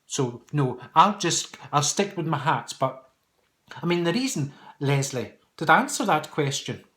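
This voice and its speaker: A man's voice: a little high, animated, a little slow, a bit bright. A middle-aged man answering viewer questions in a casual vlog, chatty and playful, laughing often and teasing his viewers.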